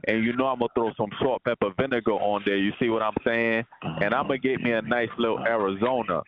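A man's voice: lowish voice, fairly even intonation, fast. A man in a played clip talking in a rambling, repetitive monologue and often asking "you see what I'm saying.". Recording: dull lo-fi clip with clear background noise.

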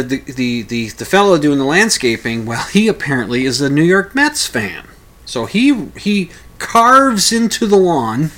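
A man's voice: medium pitch, bright, forceful tone. A man talking casually at home, telling a story in a rambling, hesitant way with many restarts. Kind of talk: casual spoken commentary.

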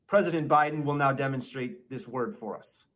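A man narrating a mock language lesson, slowly sounding out made-up words. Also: mid-range voice, background noise. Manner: slow, exaggerated spelling-out of made-up words.

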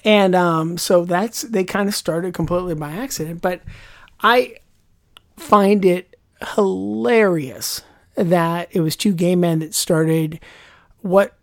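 A woman's voice: fairly low pitch, slow, no room sound, studio quality. A woman co-hosting a podcast in casual chat, rambling and chatty, full of asides and fillers.

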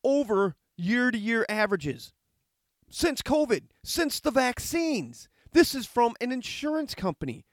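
A man's voice: very high-pitched, no echo, clean studio sound. A middle-aged man giving a heated, argumentative monologue, reading out a letter and rebutting it with sarcasm. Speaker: commentator reacting to a letter.

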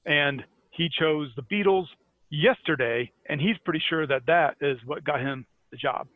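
A man's voice: fairly high pitch, normal speed, dry recording, narrow, tinny audio. A man with a Scottish accent, a podcast co-host telling music history stories in casual chat, with many fillers and easy laughs. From Scotland.

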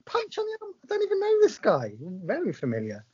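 A man with a southern English accent banters on a podcast and tells stories, acting out the other people's voices as he goes. His pitch swoops up and down a lot. The recording sounds slightly dull and lo-fi. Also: wildly swooping pitch, fairly quick, darkish tone, breathy edge. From England. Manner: playful storyteller, acts out voices in anecdotes. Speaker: podcast co-host. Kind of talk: casual chat.

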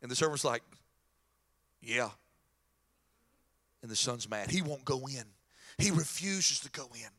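A man preaching a sermon as pastor, animated and telling stories with acted voices. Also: mid-range voice, fairly quick.

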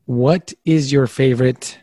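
Man, podcast co-host, middle pitch, halting then quick, dry close mic. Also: fairly even intonation, dark tone, no echo. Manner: halting, restarts questions, speeds up when defending himself. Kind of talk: casual chat.

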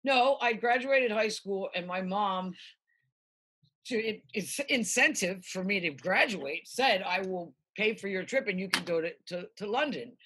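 A woman's voice: medium pitch, a little slow, husky. A middle-aged woman from the United States, a musician telling stories in a casual interview, rambling and swearing freely. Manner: rambling, profane, animated storytelling.

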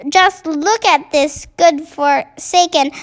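A woman reading as a panicky air force chief. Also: high voice. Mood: flustered. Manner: slow, halting read-aloud.

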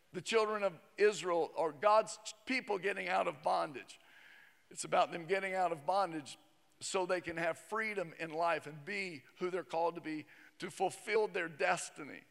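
A male pastor with a high voice preaches a sermon, talking casually and dropping joking asides. The sound has the long reverb of a large hall. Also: normal speed, gravelly, fairly bright tone.

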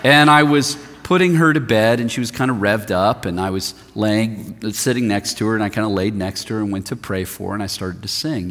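A man's voice: on the low side, fairly quick, few pauses. Man preaching in a reverberant hall. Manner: animated storytelling, swinging from loud emphasis to hushed near-whisper. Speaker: pastor. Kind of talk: sermon. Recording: long reverb of a large hall.

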